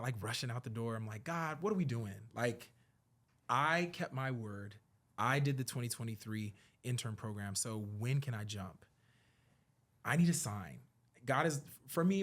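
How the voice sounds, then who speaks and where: A man in casual conversation as a podcast guest, telling a story in an earnest tone and acting out conversations with big jumps in pitch and loudness. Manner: earnest and reflective when talking about his work and faith.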